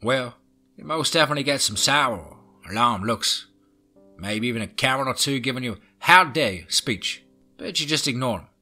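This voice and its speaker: A man's voice: medium pitch, lively intonation, moderate pace, soft background music, pitched above the performer's own voice. A man voicing a blunt, wary Southern pawn shop clerk with a Southern accent, matter-of-fact in tone. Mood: enthusiastic. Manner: matter-of-fact, drops to a hushed tone.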